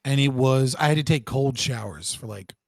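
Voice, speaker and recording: A man's voice: mid-range voice, normal speed, vocal fry, dry recording. A man co-hosting a casual chat show, joking and swearing freely. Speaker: show co-host.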